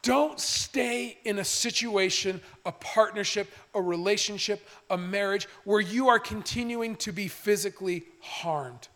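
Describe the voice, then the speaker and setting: A man's voice: high-pitched, measured pace, few pauses, a bit bright. A middle-aged man preaching a sermon, telling a story in an earnest, conversational way. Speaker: pastor. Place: church stage.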